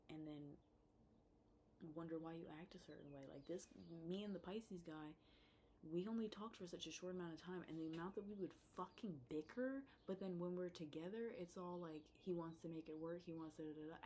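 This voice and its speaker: A young woman with a lowish voice rants about dating in a casual vlog, blunt and full of swearing. She drops into low mutters and then bursts out in exasperation. Faint room noise sits under her voice. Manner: blunt, profane, exasperated, swings between muttering and loud outbursts. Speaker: vlogger. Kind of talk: casual storytime rant.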